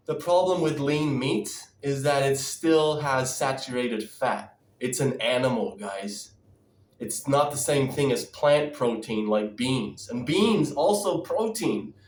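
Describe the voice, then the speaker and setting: A fired-up, sarcastic man rants to his viewers, swearing and mocking them in quoted voices. He speaks slowly and deliberately in a fairly high voice. He is picked up from a distance in a roomy, echoing space. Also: a little mellow, slight background noise. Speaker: diet vlogger. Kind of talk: ranting to-camera vlog. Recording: roomy echo, distant from mic.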